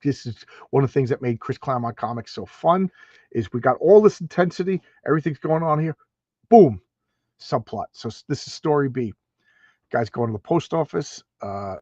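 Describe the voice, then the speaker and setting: A man's voice: mid-range voice, darkish tone, no echo, dull audio. A man casually reading through an old comic and commenting on it, rambling with restarts and asides. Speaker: comic book reviewer.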